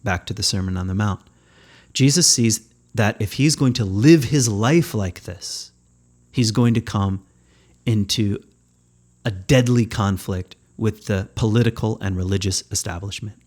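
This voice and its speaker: Podcast host, male, lowish voice, thoughtful conversational spiritual teacher who pauses to find his words. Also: a little mellow. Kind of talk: reflective spiritual teaching talk.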